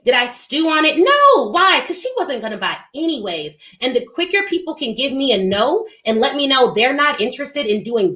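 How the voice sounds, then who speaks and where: A woman's voice: sits high, fairly bright tone, echoey room. A woman hosting a show, giving an emphatic motivational talk on business and sales, talking straight to her listeners. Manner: emphatic, preachy, addresses listeners as y'all. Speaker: podcast host.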